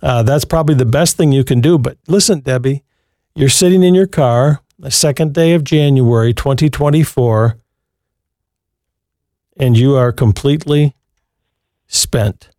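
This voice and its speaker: Male call-in radio host, earnest and encouraging, warm mellow tone, dry studio sound. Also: medium pitch, a little slow, long pauses, no echo. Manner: earnest, encouraging, repeats and restarts phrases. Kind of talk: live Christian radio call-in advice.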